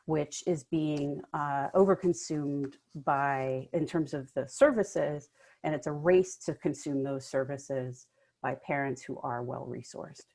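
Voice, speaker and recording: A woman law professor giving fast, emphatic remarks on a panel. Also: low-pitched, steady tone, a little mellow.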